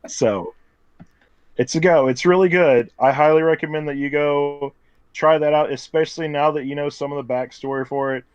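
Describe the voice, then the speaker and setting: A man's voice: fairly high pitch, moderate pace, clean tone, dry recording. Man, podcast co-host, casual chat, dull dry lo-fi sound. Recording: dry muffled lo-fi mic.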